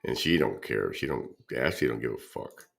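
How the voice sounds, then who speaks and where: Host, male, very low voice, relaxed gossip commentary. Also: normal speed, gravelly. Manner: laid-back, swears, laughs at clips. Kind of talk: casual commentary on gossip clips.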